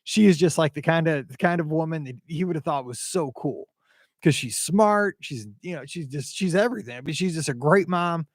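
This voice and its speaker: Rambling and enthusiastic, with frequent restarts, a middle-aged man from the American Midwest chats casually on his podcast and reads listener feedback. His voice sits on the high side at a moderate pace, in a dry recording with clean studio sound.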